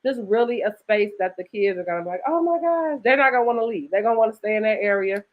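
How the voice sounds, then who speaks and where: A woman's voice: mid-range voice, steady tone, very fast. A woman co-hosting and organizing a literary festival, talking in an upbeat, chatty way, often checking in with "right?", with a slight lisp. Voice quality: slight lisp from dental aligners. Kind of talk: casual promotional chat. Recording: dull lo-fi audio.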